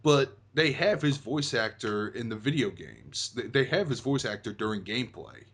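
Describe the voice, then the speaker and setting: A man's voice: mid-range voice, lively intonation, normal speed, fairly bright tone, slightly rough. A young man hosting a casual chat about a video game, rambling with many fillers and restarts. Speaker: host.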